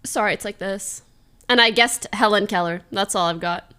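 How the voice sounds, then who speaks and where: A woman's voice: mid-range voice, normal speed, pushed and bright, smooth. A young woman livestreamer in casual, playful chat, giggling as she sounds out foreign phrases.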